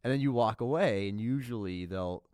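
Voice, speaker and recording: A man's voice: on the low side, normal speed, a little mellow, clear, resonant tone, no room sound, studio quality. A man guest on a podcast, telling a story in a laid-back, chatty way with lots of fillers. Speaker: restaurateur guest.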